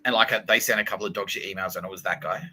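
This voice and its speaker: A man's voice: lowish voice, rapid-fire, pushed and bright, soft background music, low-quality recording. A young Australian man hosting a podcast, telling a heated, profane story in a rambling casual monologue. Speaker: podcast host.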